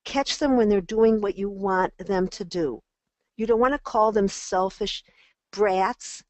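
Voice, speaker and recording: An older woman teaching an online parenting class, lively and animated, often acting out the voices of parents and children. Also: mid-range voice, a little slow, dry recording. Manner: animated, acts out quoted voices.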